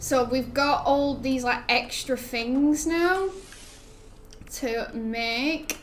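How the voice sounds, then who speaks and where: A woman's voice: sits high, drawn-out words, fairly bright tone, slight background noise. A young woman, chatting casually and rambling while she streams a game, laughing often. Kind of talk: casual gaming stream chat.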